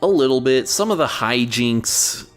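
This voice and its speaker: A young podcast co-host chats casually in a sardonic, crude way, often stumbling over his words. He speaks unhurriedly with a medium pitch and lively intonation, over soft background music.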